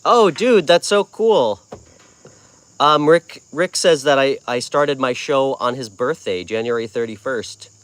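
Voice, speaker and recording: The recording is clean, with no room sound, capturing a medium-pitched voice that is clear, resonant, fairly bright, and unhurried. It's a New Yorker hosting a casual tarot livestream, chatting in a friendly manner as he answers viewers' comments.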